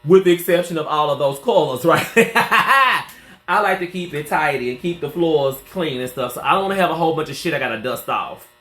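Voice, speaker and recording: A hairstylist who owns his own salon speaks a little fast and expressively, his high voice bright and forceful. Sassy and chatty, he calls viewers girl and honey during a casual live salon tour, and the small indoor room sounds roomy.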